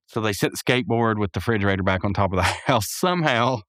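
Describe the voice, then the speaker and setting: A man's voice: on the low side, expressive, fast, hardly any pauses, a bit bright, no room sound, studio quality. A man hosting a podcast, recapping a cartoon episode in casual, rambling commentary, correcting himself and laughing often.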